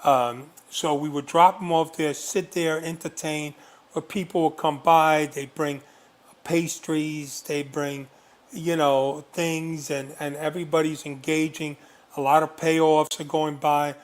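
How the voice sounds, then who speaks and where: A man with a fairly high voice spins anecdotes as an interview guest. He talks in animated bursts, restarting lines and leaning on fillers. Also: unhurried. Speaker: guest, former undercover agent. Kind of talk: storytelling interview.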